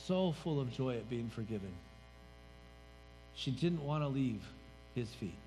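A man's voice: mid-range voice, lively intonation, unhurried, warm tone, a little hiss or hum. A man pastor preaching a sermon in a church sanctuary, conversational and emphatic, letting his voice drop at the ends of phrases. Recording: reverberant hall, faint music.

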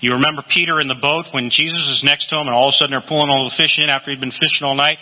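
Man, preacher, sermon, husky voice, phone-like sound, echoing hall. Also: a little high, very fast, hardly any pauses. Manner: animated storytelling, acting out scripture quotes. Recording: tinny lo-fi recording in a reverberant hall.

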